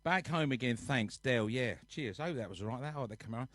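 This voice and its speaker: A man with a medium-pitched voice talks fast and with lively intonation, and the recording has no echo. Lounging on his sofa at home, this live-stream host and musician chats casually with his audience, rambling and reading viewer comments aloud.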